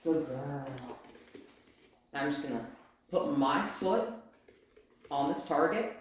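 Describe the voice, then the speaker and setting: A woman dog trainer giving a hands-on training lesson, explaining each step aloud and often checking in with "right?". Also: lowish voice. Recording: very echoey room, faint noise.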